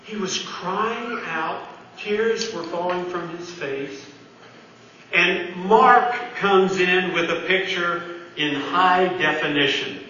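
Pastor preaching in an echoey hall. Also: male voice, high voice, slow, sharp tone, a little hiss or hum. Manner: earnest, conversational preaching with questions to the congregation. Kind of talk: sermon. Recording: distant roomy church sound, dull.

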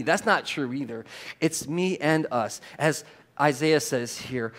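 A man preaching a sermon as a pastor, emphatic and animated, with rhetorical questions to the congregation. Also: fairly high pitch, normal speed.

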